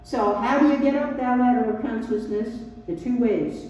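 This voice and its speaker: A woman leading a non-religious sermon, speaking slowly and emphatically and repeating key phrases. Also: fairly high pitch, mellow. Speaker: service leader. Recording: echoey hall, distant dull mic.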